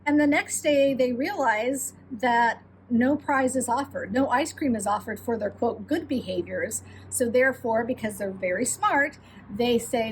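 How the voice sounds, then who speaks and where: A woman's voice: on the high side, unhurried, a little hiss or hum, poor audio. A woman swim instructor giving parents earnest, encouraging advice in a direct, explanatory talk.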